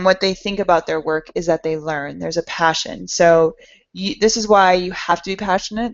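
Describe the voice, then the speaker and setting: A woman hosting a podcast, giving an earnest, encouraging motivational talk straight to her listeners. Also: lowish voice. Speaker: podcast host. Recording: dull lo-fi sound.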